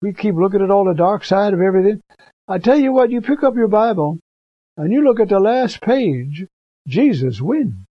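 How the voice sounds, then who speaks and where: A man imitating an exuberant Pentecostal preacher with a Southern accent, in a booming, folksy way. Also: lively intonation, moderate pace, no room sound. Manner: booming, folksy, rising pitch. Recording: dull, dry sound.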